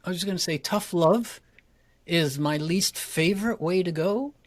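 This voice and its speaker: A man who coaches public speaking, a guest in an interview, talking with energy and acting out his examples. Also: sits high. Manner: energetic and quick, acts out examples.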